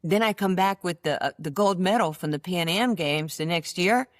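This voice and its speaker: Casting: older woman, low voice, animated storyteller who plays out quoted dialogue, dry close sound. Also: normal speed, no room sound. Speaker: interview guest, basketball coach. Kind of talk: storytelling interview.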